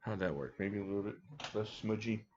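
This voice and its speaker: A man's voice: lowish voice, brisk, darkish tone, lo-fi sound, a little hiss or hum. A man hosting a casual live stream from home, chatting and joking with viewers by name. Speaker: live stream host reviewing knives. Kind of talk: casual live chat reading viewer comments. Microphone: desk mic at a home setup.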